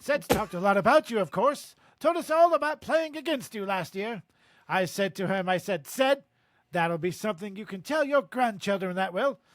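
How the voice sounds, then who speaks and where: A man's voice: high voice, expressive, normal speed, dry recording. A man voicing a boastful, proud middle-aged wizard father who brags about his son in a hearty way.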